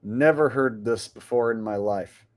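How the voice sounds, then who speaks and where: A male streamer chatting casually to his viewers in a loose, rambling way. He speaks slowly and keeps stopping to hesitate. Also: mid-range voice. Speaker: channel host. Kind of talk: casual livestream commentary.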